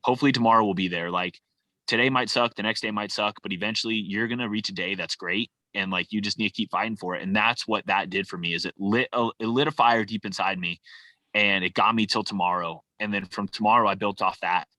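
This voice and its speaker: Bright-voiced man talking loosely from the heart. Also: on the low side, fairly even intonation, quick pace, dry recording. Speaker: podcast guest. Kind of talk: casual conversation.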